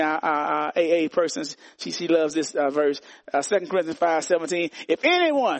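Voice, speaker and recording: A man's voice: fairly high pitch, expressive, fairly quick, creaky, few pauses, no room sound. A man preaching a sermon as pastor, emphatic and repetitive, calling on the congregation to answer back.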